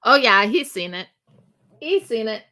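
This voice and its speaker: Slow, bright-voiced woman telling a story. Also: on the high side. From United States. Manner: chatty, animated, acts out dialogue in her story. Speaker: craft livestream host. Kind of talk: casual storytelling while crafting. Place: home craft room.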